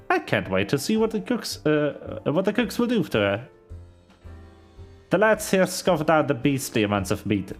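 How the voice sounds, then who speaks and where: A man voicing a rough-spoken tavern keeper in a shaky attempt at a Scottish accent, reading game dialogue aloud. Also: medium pitch. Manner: loud, bouncy put-on brogue.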